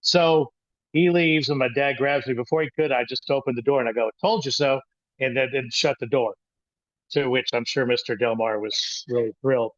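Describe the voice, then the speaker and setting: An older man in his sixties tells a story from his own childhood, wandering and halting as he goes, with plenty of restarts. The sound is dry and a little dull, with no room around his voice. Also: mid-range voice, fairly even intonation, a bit bright, no room sound. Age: 60s. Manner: rambling, halting with frequent restarts. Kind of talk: personal storytelling talk.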